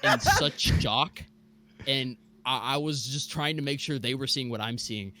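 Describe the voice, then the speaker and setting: A young man from Mississippi telling a scary true story on a podcast, animated and full of fillers. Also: medium pitch, a little slow, a little hiss or hum. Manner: animated, many fillers like "like" and "bro". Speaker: guest storyteller.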